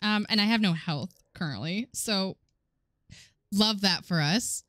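A young woman giving excitable, swearing let's-play commentary on a horror game, laughing often and chatting with her viewers. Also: medium pitch, unhurried, no echo. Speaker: gaming streamer.

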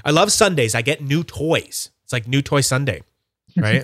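A man hosting a casual livestream, rambling enthusiastically about his collection and slipping into high silly voices when he quotes people. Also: lively intonation, normal speed, a bit bright, dry recording, clean studio sound. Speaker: livestream host.

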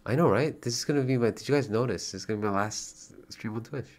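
A male livestreamer chats casually, thanking viewers and donors, cursing freely, and getting excited in bursts. His voice is mid-range and fast.

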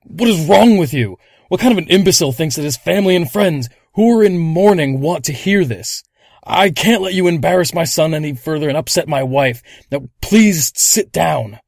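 A man in a comedy sketch plays an indignant, scolding father. His voice is dry and close, at an everyday pitch. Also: expressive, moderate pace, vocal fry, dry recording. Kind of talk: comic sketch, stern grieving father.

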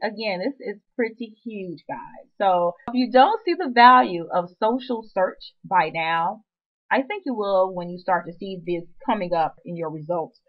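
A woman's voice: medium pitch, animated, normal speed, phone-quality sound. A woman presenting a screen-recorded web marketing tutorial, chatty and upbeat with playful asides.

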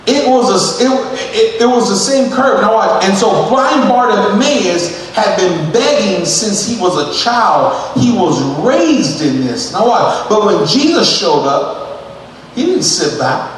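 A male pastor delivers an emphatic sermon in a fairly high voice that rises and falls a great deal. He acts out the scenes he tells and calls out to the room. The sound comes from far off in a long-ringing church hall, with faint noise behind it. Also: animated, slow. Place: church sanctuary.

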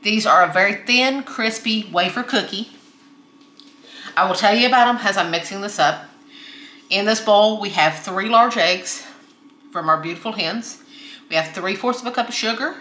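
A woman's voice: mid-range voice, normal speed, pauses often, pushed and bright, reverberant. A woman hosting a home cooking tutorial from her kitchen, talking in a friendly, chatty way while she mixes ingredients. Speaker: cooking channel host.

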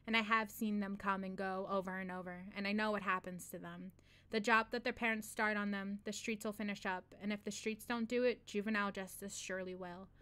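A woman's voice: medium pitch, steady tone, fairly quick, bright, forceful tone, clean tone. A woman hosting a read-along, reading a short story aloud in a loose, slangy first-person voice and breaking off for casual asides where she laughs and swears. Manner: reads a street-wise first-person narrator in a loose, slangy drawl.

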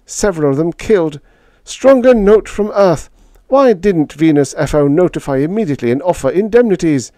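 A man's voice: fairly high pitch, expressive, moderate pace, mellow, no echo, studio quality, voice pushed up, close to an everyday voice. A man voicing a grim male ambassador who briefs in clipped, urgent fragments, in a storybook reading.

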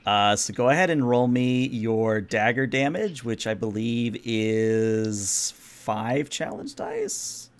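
A man's voice: medium pitch, animated, takes it slowly, few pauses. A man running a tabletop role-playing game as game master, explaining the rules patiently and narrating the action.

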